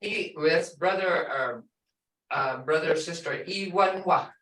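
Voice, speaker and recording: Slow older woman teaching words, echoey. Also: low voice, a bit bright, far from the mic. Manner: slow, repeats each word to drill pronunciation. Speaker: language instructor. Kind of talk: online language class. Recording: echoey room, voice from off the mic.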